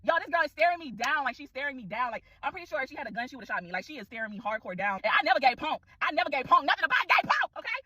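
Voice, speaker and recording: A woman telling a story to the camera in animated casual chat, calling out to viewers. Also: high voice, rapid-fire, few pauses, dry recording, rough recording. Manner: animated, exclaiming, addresses viewers as y'all.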